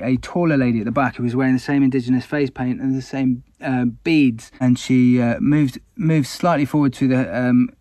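A man's voice: mid-range voice, darkish tone, no room sound. Man, an explorer telling his story, self-deprecating, dry booth-like sound. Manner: candid, conversational, self-deprecating. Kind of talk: recounting an expedition story to camera.

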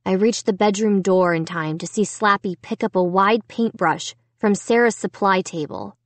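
A woman's voice: mid-range voice, normal speed, no echo. A woman narrating a children's horror book in the first person, reading steadily and with suspense. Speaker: audiobook narrator.

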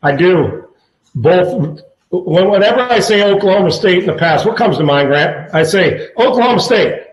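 A man's voice: sits high, normal speed, slight background noise. A man in his fifties, a former football player, telling stories casually with constant swearing and stammering restarts. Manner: profane, stammering, animated. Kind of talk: casual chat, storytelling. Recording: roomy echo.

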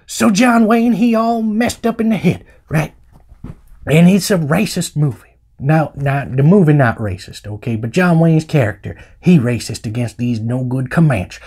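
A man's voice: a little high, expressive, normal speed, a little mellow, breathy edge. Man, movie reviewer, casual, slangy, jokey, rambling.

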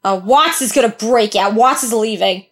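A young woman hosts a show reaction, exclaiming, swearing and crying out in distress as she watches, then talking through her thoughts in emotional commentary. Her voice is on the high side at a moderate pace.

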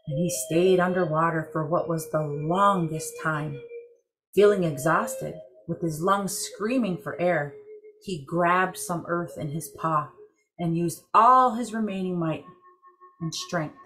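Low-voiced woman telling a legend. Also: fairly bright tone. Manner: measured, deliberate storytelling. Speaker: program director telling a legend. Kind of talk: traditional storytelling narration.

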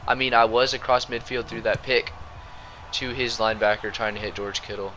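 A young man with a sore throat giving slangy, excitable commentary over his own old football video game match. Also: on the low side, moderate pace. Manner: excitable, slangy, jumps between play-by-play and rants. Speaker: gaming YouTuber. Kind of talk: gameplay commentary.

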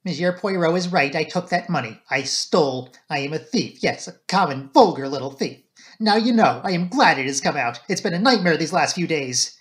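A man's voice: fairly high pitch, expressive, brisk, few pauses, a bit bright. A man voicing an anxious, guilt-ridden young woman who speaks in an agitated, raised voice. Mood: anguished.

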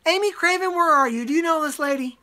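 A woman co-hosting a live online sale, calling out bids in brisk, teasing casual chat. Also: very high-pitched, bright, forceful tone.

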